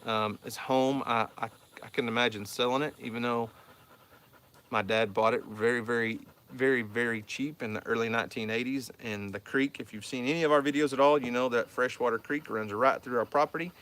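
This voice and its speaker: A man's voice: medium pitch, fairly even intonation, brisk, a bit bright. An Oklahoman man from South Central Oklahoma, the host of a homestead channel, chatting casually and telling a rambling story as he answers viewer questions. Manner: rambling storyteller, repeats words.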